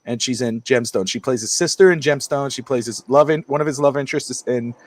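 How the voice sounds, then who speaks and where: A man co-hosting a casual sports podcast who tells stories in a quick, animated, rambling way. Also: medium pitch. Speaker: podcast co-host.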